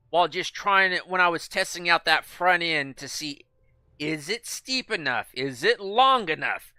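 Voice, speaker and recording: A man's voice: fairly high pitch, expressive, measured pace, pushed and bright, smooth, dry recording. A man giving casual gameplay commentary, thinking aloud and rambling with lots of fillers and restarts. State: speaking with his mouth full. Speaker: gaming video creator.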